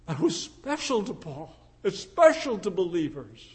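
A man preaching a sermon, asking rhetorical questions and swelling from hushed tones to fervent emphasis. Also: high-pitched, very animated, unhurried, slightly rough. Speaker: pastor.

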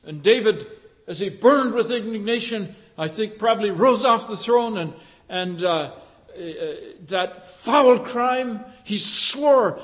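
A man preaching a sermon, fervent and emphatic, with pauses and fillers between phrases. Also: sits high, expressive. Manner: fervent, rising to loud emphatic passages. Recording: echoey hall with long reverb.

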